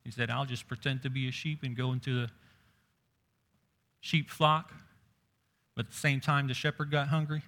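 Bright-voiced man preaching. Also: medium pitch, level tone, normal speed, pauses often. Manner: conversational preaching, rising for scripture quotes. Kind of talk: sermon.

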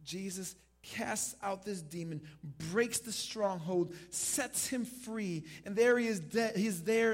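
A male pastor preaching a sermon, dropping to a hush and then rising loud, and leading the congregation in call and response. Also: high-pitched. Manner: dynamic preaching, swinging from hushed to loud.

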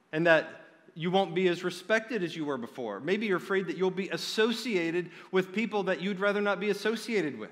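A man gives an earnest, direct sermon, often stumbling and restarting mid-phrase. His voice sits a little high for a man. The sound trails off into a long reverb, as in a big hall. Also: fairly bright tone. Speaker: preacher.

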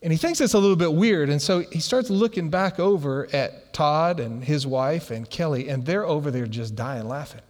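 A man preaching a sermon and telling a funny story in an animated way. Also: a little high, normal speed, few pauses. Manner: animated storyteller who laughs through his anecdotes. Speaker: pastor. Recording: long hall reverb.

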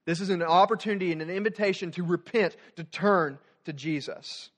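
Preaching as a student pastor, this young man speaks in a high, brisk voice. He's animated, shifting from forceful, loud emphasis to hushed, gentle stretches.

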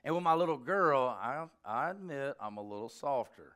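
A male pastor preaching a sermon in an animated, joking way, with rambling asides. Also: medium pitch, normal speed.

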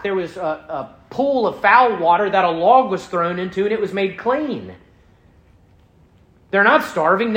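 A man preaching a sermon as pastor, earnest, building emphasis and then dropping soft. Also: sits high, reverberant.

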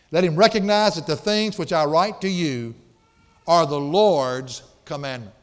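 A pastor preaching a sermon in a church sanctuary, emphatic and folksy, with playful asides. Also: male voice, a little high, expressive, a little slow. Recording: long hall reverb.

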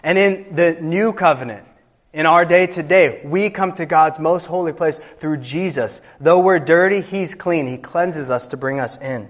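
A man's voice: on the high side, normal speed, lo-fi sound. A man in his thirties, a pastor preaching a sermon with earnest storytelling.

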